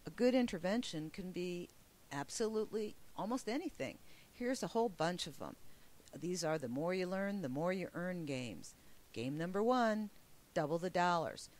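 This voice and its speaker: Lowish-voiced woman trainer, emphatic, upbeat webinar presenter. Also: animated, normal speed, a little mellow. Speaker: professional development trainer. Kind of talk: recorded teacher training webinar.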